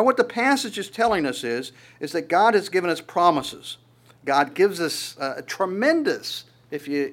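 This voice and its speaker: A man preaching a sermon in a conversational way, with halting restarts and acted-out quotes. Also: a little high.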